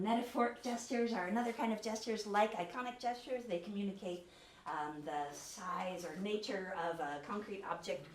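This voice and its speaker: A woman gives an academic talk in a relaxed, conversational way, often pausing on fillers and correcting herself as she goes. Her voice sits a little low. The room is reverberant and faint background ambience hangs under her speech. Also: slight background noise. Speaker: autism researcher giving a talk. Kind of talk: academic lecture. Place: lecture room, hybrid session with remote viewers. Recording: roomy, distant lecture-hall sound with faint ambience.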